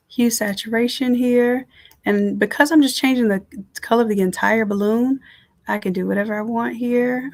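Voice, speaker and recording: A woman who teaches design runs a casual, chatty live software tutorial from home, addressing her viewers directly. Her voice is a little high.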